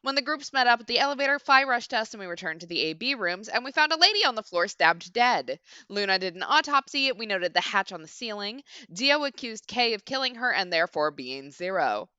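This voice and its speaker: Bright, crisp-voiced woman streamer. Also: a little high, sing-song, a little fast, few pauses, dry recording. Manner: chatty, swears casually, lots of fillers. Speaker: game streamer. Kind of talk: casual let's-play commentary. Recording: dull lo-fi stream mic.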